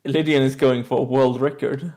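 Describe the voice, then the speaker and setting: A man's voice: mid-range voice, steady tone, normal speed, a little mellow. A man playing a tabletop game, making wry joking asides. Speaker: player.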